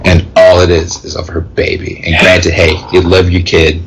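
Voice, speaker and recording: A man's voice: sits low, flat delivery, moderate pace, gravelly, noisy background. A young man co-hosting a casual podcast chat, laid-back, peppering his talk with "dude" and "bro". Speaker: podcast co-host.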